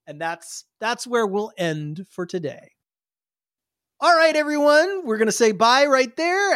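A man narrating a tabletop role-playing game as game master, in a relaxed, rambling way. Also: high-pitched, dry recording, clean studio sound. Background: background music.

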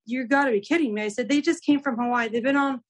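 A woman's voice: high-pitched, fast talker, crowd noise. A young adult woman, a podcast guest, casually telling a story and acting out the dialogue, with lots of "like". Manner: animated, acts out dialogue with filler "like".

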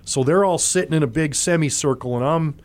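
A man, a former concert monitor engineer, telling stories in a relaxed interview and acting out other people's lines as he goes. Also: on the high side, brisk. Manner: animated raconteur, acts out other people's lines. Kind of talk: casual storytelling in an interview.

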